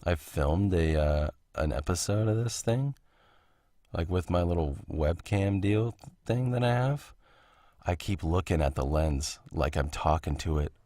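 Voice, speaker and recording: A man with a very low voice rambles through a casual solo podcast, drifting between tangents and chuckling at himself. The sound is dry and close to the mic, with no room echo, as if recorded at home. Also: animated, unhurried, dark tone. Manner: rambling, self-interrupting, laughs at himself. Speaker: podcast host.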